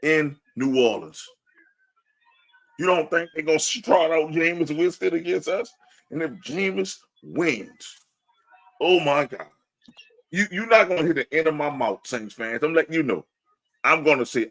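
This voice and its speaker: A man co-hosting a sports podcast, animated and laughing as he mocks fans' takes. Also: a little high, measured pace, long pauses, low-quality recording. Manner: animated, laughing, mock-quoting fans. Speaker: podcast co-host. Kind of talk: casual sports talk.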